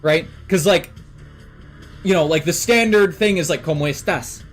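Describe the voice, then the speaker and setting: A man's voice: on the high side, normal speed, faint music behind. A young man from Canada chatting casually on a stream, rambling with lots of fillers and swearing. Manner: rambling, filler-heavy and profane. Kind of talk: casual chat.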